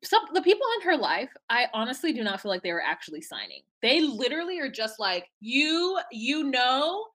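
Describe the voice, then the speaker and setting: A woman co-hosting a casual podcast, recapping a reality show in an animated way, laughing and acting out quotes. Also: fairly high pitch, fast, few pauses. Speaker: podcast co-host.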